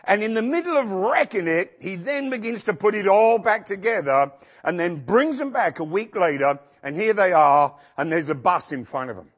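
A male pastor preaching a sermon in a church, acting out quotes with sudden shouts. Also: high-pitched, moderate pace. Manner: animated, acts out quotes with shouts.

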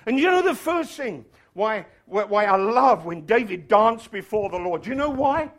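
A man preaching a sermon, swinging from loud shouted passages to quiet, chatty, humorous asides. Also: sits high, sing-song, normal speed. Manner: tells stories with humor.

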